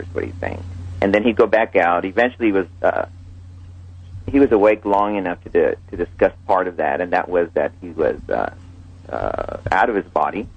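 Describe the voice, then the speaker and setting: A man, an emergency room doctor, telling a story in an interview, halting with many fillers and restarts. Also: sits low, lively intonation, gravelly, husky, lo-fi sound.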